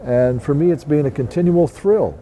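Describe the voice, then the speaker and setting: A middle-aged man talking in a documentary interview, hesitant and pausing often on "uh". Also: a little high, warm tone. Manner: hesitant, many "uh" fillers. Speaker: snow sculptor.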